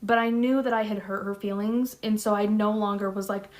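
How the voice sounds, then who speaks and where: A woman's voice: medium pitch, steady tone, brisk, a little mellow. A woman in her thirties telling a personal story to camera in a chatty, blunt, slangy way. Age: 30s. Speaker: vlogger.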